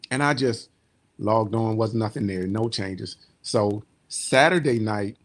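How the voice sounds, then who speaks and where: A military veteran giving a rambling, heartfelt client testimonial that often trails off quietly. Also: male voice, lowish voice, slow. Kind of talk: personal testimonial storytelling.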